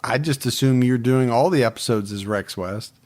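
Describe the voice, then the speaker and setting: A man's voice: mid-range voice, moderate pace, darkish tone. Teasing male podcast host. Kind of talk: casual chat.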